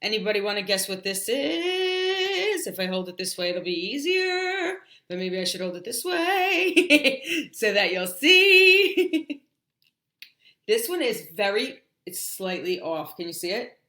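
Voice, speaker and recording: A woman's voice: fairly high pitch, big pitch swings, pushed and bright, reverberant. A woman teaching English shapes on a livestream, chatty, often singing and stretching out words for children to repeat. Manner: sings and drills words slowly, chatty asides. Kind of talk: animated livestream lesson.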